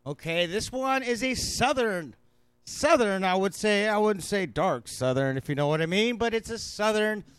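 A man hosting a radio cooking show, talking fast and rambling with a self-mocking tone. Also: high voice, lively intonation, a bit bright, clean tone, no echo. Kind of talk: fast casual radio chat.

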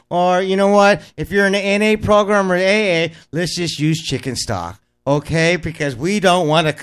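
Casual male cooking host with a high voice, wanders off into jokes and asides. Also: fairly bright tone. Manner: rambling and joking, with frequent restarts and asides.

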